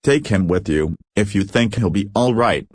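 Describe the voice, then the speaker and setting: A grim prison governor, read by a man narrating a story, clipped and full of scorn. The voice is low, and the recording is close and dry with no room sound. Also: animated, normal speed, dry recording. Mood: stern, scornful. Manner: curt, scathing.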